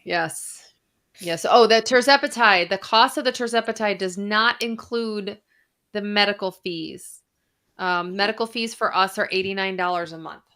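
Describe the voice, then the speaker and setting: Bright-voiced woman doctor chatting on a livestream. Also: medium pitch, normal speed. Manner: chatty, reads viewer comments aloud, mild swearing. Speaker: doctor hosting a live Q&A. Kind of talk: casual livestream chat. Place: Arizona.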